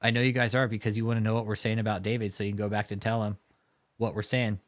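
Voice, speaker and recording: A man's voice: fairly low pitch, little pitch movement, quick pace. A man hosting a livestream, talking casually and heatedly, swearing often and mocking his target while reacting to chat. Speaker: livestream host.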